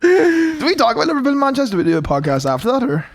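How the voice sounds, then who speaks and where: A man's voice: extremely high pitch, wildly swooping pitch, very fast. A young Northern Irish man co-hosting a comedy podcast, dropping dry, sweary quips. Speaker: podcast co-host. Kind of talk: casual comedy chat.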